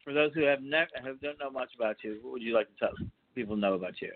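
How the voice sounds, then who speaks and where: A Chicago man with a mid-range voice talks fast while hosting a casual interview podcast. He rambles, restarting often and leaning on fillers. The audio is dry and tinny, like a phone line.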